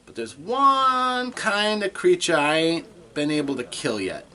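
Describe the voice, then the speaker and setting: Cocky rough-talking rogue, as a man puts him on, slangy, a bit lower. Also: sing-song, a little slow, pushed and bright, exaggerated voice. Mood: boastful.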